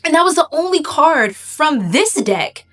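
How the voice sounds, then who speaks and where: A woman's voice: high voice, big pitch swings, unhurried, fairly bright tone. A woman reading tarot for her viewers in a casual, rambling way, full of fillers and asking "right?" as she goes. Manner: addresses viewers directly. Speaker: tarot reader.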